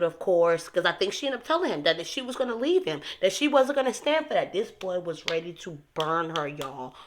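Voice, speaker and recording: A young woman talking casually to her viewers as she recaps a TV episode, animated and emphatic. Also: fairly low pitch. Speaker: TV recap host.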